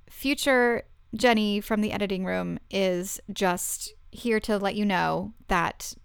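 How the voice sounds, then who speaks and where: Chatty woman podcaster with a gravelly edge. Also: medium pitch, no echo, studio quality. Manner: chatty, playful, self-mocking, lots of fillers. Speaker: podcast host. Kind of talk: casual chat to listeners.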